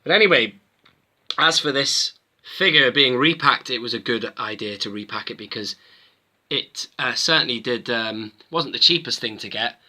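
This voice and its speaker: A man with a strikingly bright, forward tone talks casually to camera as he reviews collectible figures. He rambles, doubles back and corrects himself as he goes, in an easygoing, conversational manner. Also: medium pitch, animated, moderate pace. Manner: rambling, chatty, self-interrupting. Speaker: toy collector channel host.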